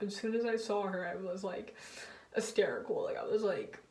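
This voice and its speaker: A woman's voice: medium pitch, darkish tone. A teenage girl vlogging, candidly retelling a painful personal story with emotion. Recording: roomy sound, mic at a distance.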